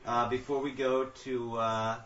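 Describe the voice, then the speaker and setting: A man hosting a ghost-hunting radio show, halting and full of fillers. His voice is bright. He sounds roomy and distant, on a lo-fi recording with faint background hiss. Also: medium pitch, little pitch movement. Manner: rambling, many fillers and restarts. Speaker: paranormal radio show host.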